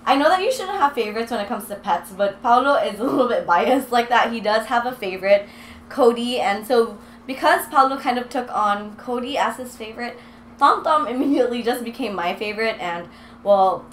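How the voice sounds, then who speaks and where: Her voice is on the high side as this young vlogger chats to camera indoors in her apartment, bubbly and casual, baby-talking her dogs and occasionally winded from carrying a heavy one. The echoey room carries faint noise, and the handheld mic ends up set down away from her.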